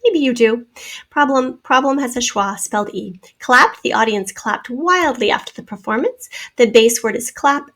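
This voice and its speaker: A woman's voice: a little high, animated, normal speed, a bit bright. A woman teacher giving a spelling lesson to children, patiently sounding out syllables and explaining vowel sounds.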